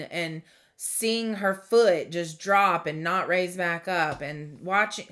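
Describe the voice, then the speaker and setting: A woman giving a tarot reading to camera, speaking in a heartfelt, reflective way with pauses and fillers. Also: medium pitch, fairly bright tone. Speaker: tarot reader.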